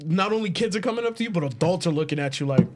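A man's voice: sits high, expressive, rapid-fire. A man co-hosting a casual podcast, telling a funny childhood story and laughing often. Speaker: podcast co-host.

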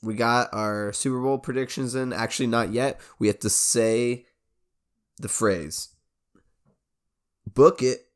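A man's voice: medium pitch, fairly even intonation, measured pace, clean tone. A man co-hosting a podcast in casual chat, laughing often and hyping up what comes next. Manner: laughs often, hypes up segments. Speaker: podcast co-host.

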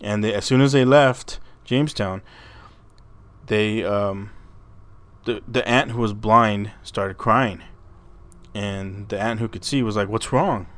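A man's voice: on the low side, fairly even intonation, slow pace, long pauses, fairly bright tone, clean tone. A man hosting a podcast, telling a story in a rambling, casual way, stumbling over and repeating his words and swearing freely. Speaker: podcast host.

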